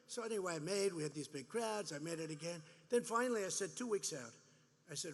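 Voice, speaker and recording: A man's voice: high-pitched, animated, brisk, in a large hall. A man in his seventies giving a rambling, boastful, mocking campaign rally speech, repeating his phrases. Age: 70s. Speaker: politician speaking at a rally. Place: large rally venue.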